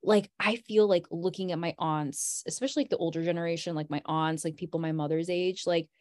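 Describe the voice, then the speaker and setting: A woman chats as a podcast guest, working through her thoughts in loose, filler-heavy sentences. Her voice is somewhat low. It is recorded dry and close. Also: fairly even intonation, a little fast, a little mellow, no room sound. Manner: reflective, rambling, many fillers. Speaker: podcast guest, graphic designer. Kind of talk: casual podcast conversation.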